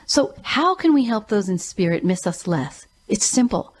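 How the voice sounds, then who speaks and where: A woman's voice: medium pitch, very animated, moderate pace. A woman hosting her own show, telling a personal story in an earnest, emphatic way. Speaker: show host and grief coach.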